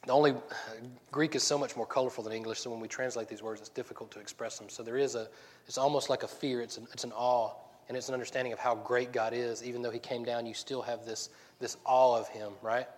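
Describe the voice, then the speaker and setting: Pastor, male, heartfelt sermon delivery with laughter and sudden lifts; mid-pitched voice in a reverberant church hall. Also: fast talker. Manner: emotional, laughs often, rising to excited bursts. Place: church sanctuary.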